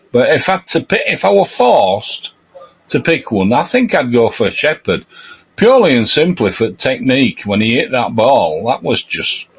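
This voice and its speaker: A husky-voiced older man co-hosting a football chat. His pitch swings widely as he talks emphatically and laughs along, hammering his point by repeating it. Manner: emphatic, chuckling, repeats himself for effect. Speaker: podcast co-host.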